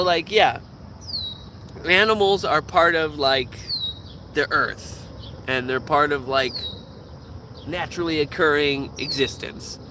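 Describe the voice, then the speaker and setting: A man ranting casually to camera as a vlogger, profane and animated, slipping into quoted voices. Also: on the high side, background noise.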